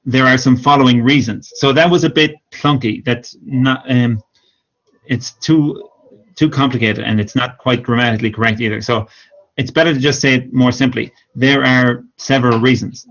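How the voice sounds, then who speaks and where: A man teaching English online, giving patient, encouraging feedback to students and repeating corrections slowly. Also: medium pitch, a bit bright. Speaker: English speaking teacher, former exam examiner. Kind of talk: live-streamed speaking feedback. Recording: dull lo-fi stream audio.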